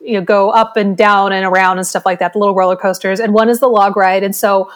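A woman's voice: medium pitch, fairly even intonation, fast. A woman co-hosting a podcast, telling a rambling story in casual chat and often breaking into laughter. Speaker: podcast co-host.

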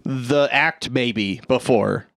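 A man's voice: mid-range voice, extremely slow, creaky, fairly bright tone, dry recording, studio quality. A man co-hosting a casual podcast, retelling a movie plot and acting out the characters in bursts of swearing and laughter. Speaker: podcast co-host. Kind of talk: casual movie recap chat.

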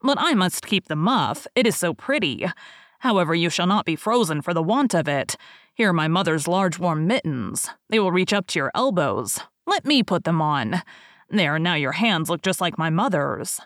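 A woman voicing a wild, fierce little robber girl in a storybook, with a blunt, commanding delivery in her own low-pitched voice. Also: animated, moderate pace, no echo, studio quality, natural voice. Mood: bossy.

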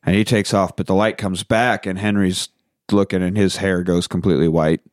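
A man's voice: deep voice, fairly even intonation, normal speed. A man co-hosting a podcast, casually retelling a movie's plot and swearing freely as he goes. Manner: swears freely, acts out characters' lines. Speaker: podcast co-host. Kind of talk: casual movie recap chat.

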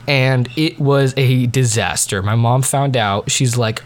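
A man's voice: medium pitch, steady tone, brisk, hardly any pauses. Rambling teenage boy telling stories. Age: teens. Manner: rambling and digressive, with many fillers. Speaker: diarist. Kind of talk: casual storytelling monologue.

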